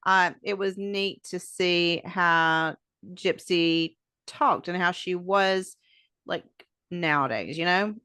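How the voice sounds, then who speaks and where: A woman's voice: lowish voice, takes it slowly, pushed and bright, clean tone, dry recording. A woman co-hosting a podcast, chatting casually and thinking aloud with many fillers. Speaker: podcast co-host. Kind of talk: casual chat.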